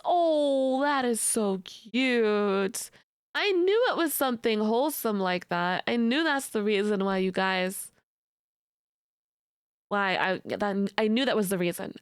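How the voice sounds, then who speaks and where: A woman's voice: medium pitch, clear, resonant tone, no room sound, studio quality. A young adult woman streamer chatting casually with her audience, giggly and playfully teasing. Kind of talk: casual live-stream chat.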